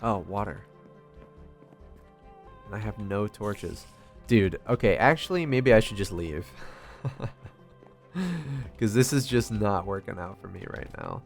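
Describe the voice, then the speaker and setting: Low-voiced man rambling over gameplay. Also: expressive, a little slow, gravelly, long pauses, faint music behind. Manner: rambling, self-deprecating, swears often. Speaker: gaming vlogger. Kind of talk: casual gameplay commentary.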